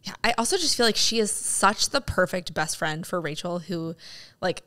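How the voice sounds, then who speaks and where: A woman's voice: on the low side, animated, moderate pace, pushed and bright. A woman co-hosting a casual movie podcast, chatty and laughing often as she acts out little quotes. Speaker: podcast co-host.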